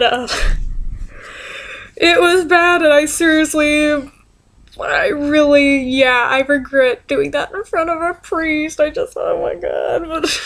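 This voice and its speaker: A woman's voice: high voice, fairly bright tone. A young woman telling a story in a casual vlog, chatty and exasperated, swearing freely. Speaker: vlogger.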